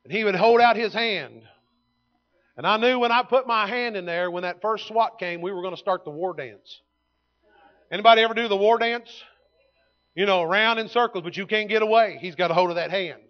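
High-voiced preacher in his fifties. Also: a little fast, dull audio. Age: 50s. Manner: folksy storytelling preacher, swings from loud to hushed. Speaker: pastor. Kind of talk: sermon. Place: church sanctuary.

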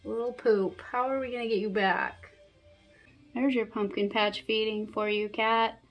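A woman vlogging about her pet tarantula, talking softly and breathlessly with lots of fillers. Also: on the high side, fairly even intonation, measured pace, lo-fi sound, faint music behind. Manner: breathless and emotional, soft-spoken with frequent fillers. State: out of breath from excitement. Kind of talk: excited casual vlog narration.

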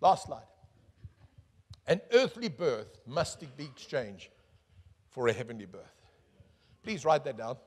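A man preaching a sermon as pastor, swinging from booming calls to hushed asides and asking the crowd questions. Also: very animated, slow pace, pauses often, slightly rough. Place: church hall. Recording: echoey church hall.

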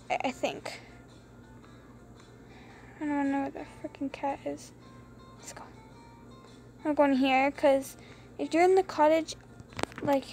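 A young woman chatting through a mouse game late at night, rambling and giggly, keeping her voice low so others can sleep. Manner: rambling, giggly, hushed to keep quiet. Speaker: gameplay streamer. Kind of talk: casual gameplay commentary. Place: bedroom at home late at night. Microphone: phone screen recorder.

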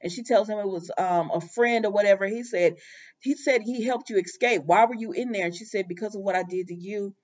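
A woman's voice: mid-range voice, fairly quick, darkish tone. A woman casually recapping a soap opera episode, retelling scenes with quoted lines, many fillers and exasperated asides. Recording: dull lo-fi audio.

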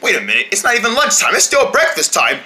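A chatty, rambling heroic squirrel, a big-brother type, as a performer puts him on with a very bright, sharp tone. The voice swoops around a lot, lively and animated in a homemade toy story. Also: medium pitch, fast, full character voice. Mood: playful.

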